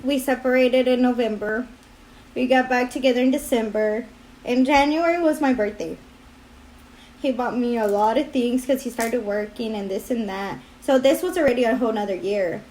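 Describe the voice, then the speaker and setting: A woman's voice: on the high side, normal speed, a little mellow. A young woman vlogging her story in a rambling, filler-heavy way, tearful and crying as she talks. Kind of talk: casual confessional vlog.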